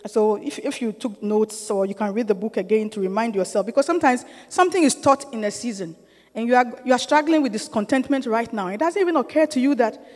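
A middle-aged woman with a fairly high voice leads a church group in an informal sermon-style teaching. She talks conversationally, often checking that her listeners follow, and presses her points with growing urgency. Her voice rings out with the long reverb of a large hall. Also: quick pace. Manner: grows emphatic and urging.

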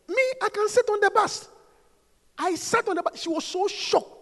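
A man's voice: very high-pitched, normal speed, fairly bright tone. A male preacher giving an emphatic, teasing sermon in a church. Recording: long hall reverb.

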